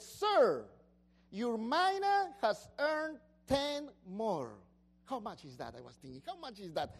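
A woman pastor preaching a sermon, questioning the congregation and shouting out the master's praise. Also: mid-range voice.

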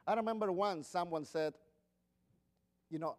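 A middle-aged man preaches a sermon in a notably high voice that rises and falls with feeling. He talks conversationally to the congregation, asks them questions and makes small grammar slips. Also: very animated, normal speed. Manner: non-native English with grammar slips. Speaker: pastor.

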